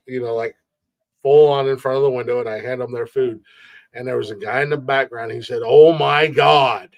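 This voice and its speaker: Profane rambling podcast host, dry sound. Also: male voice, medium pitch, darkish tone, no echo. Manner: profane, rambling storyteller who repeats words. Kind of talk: casual storytelling chat. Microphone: streamed podcast mic.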